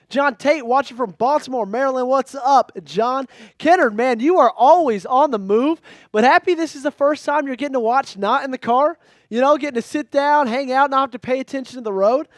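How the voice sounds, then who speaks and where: A man's voice: extremely high pitch, no echo, clean studio sound. A young man hosting a live stream, chatting casually and upbeat as he reads out and greets viewers.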